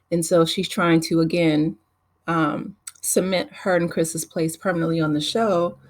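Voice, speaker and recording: A woman's voice: lowish voice, darkish tone. A woman vlogger recapping a reality show in casual, chatty talk, with lots of "you know" fillers and opinionated asides.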